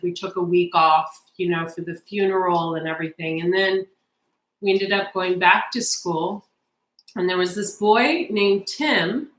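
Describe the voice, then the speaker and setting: A woman's voice: lowish voice, fairly bright tone, roomy sound, low-quality recording. A woman in her forties giving a casual tarot reading, chatty and emotional as she tells a personal story straight to her viewers. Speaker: tarot reader.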